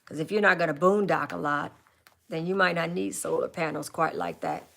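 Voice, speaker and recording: A woman's voice: low voice, fairly even intonation, moderate pace, creaky, fairly bright tone. A woman from California hosting a casual live chat from her RV, answering viewers' questions in a rambling, chatty way with restarts and asides.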